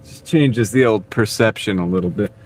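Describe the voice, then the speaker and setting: A man's voice: on the low side, normal speed, a little mellow. A man chatting casually and joking as he drives his delivery route, chuckling often. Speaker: delivery driver streaming live. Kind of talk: casual chat while driving. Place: inside a car. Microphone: small wireless clip-on mic. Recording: road and wind noise.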